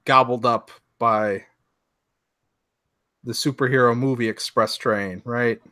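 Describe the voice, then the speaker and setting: Male podcast co-host, bright forceful tone on a dry close mic, animated and a bit halting. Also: medium pitch, no room sound. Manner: animated, hesitant restarts, acts out reactions. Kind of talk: casual chat.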